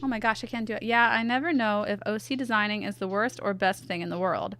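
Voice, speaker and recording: A woman's voice: mid-range voice, quick pace, fairly bright tone. A woman streaming while she draws, chatting casually, reading her chat aloud and answering it with self-deprecating asides. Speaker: art streamer.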